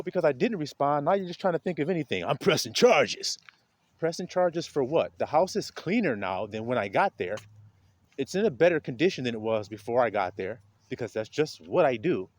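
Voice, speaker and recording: A man preaching informally to his viewers outdoors in melting snow, talking straight to them and building to a loud preaching pitch. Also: dry recording. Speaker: street preacher. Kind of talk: informal outdoor video sermon.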